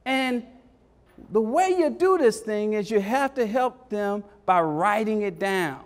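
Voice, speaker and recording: A man leading a parent workshop, talking with lively call-and-response energy and repeating his key phrases for emphasis. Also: sits high, slow pace. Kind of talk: energetic motivational workshop talk.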